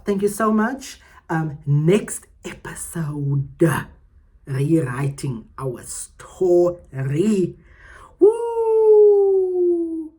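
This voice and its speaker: A woman hosting her own podcast, giving heartfelt, emphatic motivational talk that swings between loud and soft. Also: rumbling low. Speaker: podcast host.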